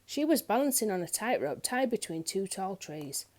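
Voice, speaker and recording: Warm, lilting woman reading a storybook. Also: medium pitch, normal speed. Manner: expressive, lilting. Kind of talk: reading a children's picture book aloud.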